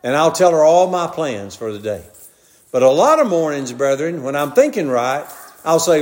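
A man's voice: a little high, expressive, moderate pace, darkish tone. An older man with a Southern US accent preaching a folksy, conversational sermon, telling homely stories and repeatedly addressing his listeners as "brethren.". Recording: long reverb of a large hall.

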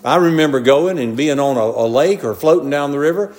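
A man's voice: on the high side, animated, fairly quick, darkish tone. An older man with a Southern US accent preaching a folksy, conversational sermon, telling homely stories and repeatedly addressing his listeners as "brethren.". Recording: long reverb of a large hall.

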